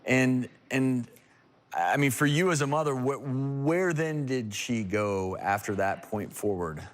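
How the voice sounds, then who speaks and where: A man's voice: medium pitch, expressive, unhurried. A man hosting a TV talk show as a doctor, speaking in a reassuring, emphatic way.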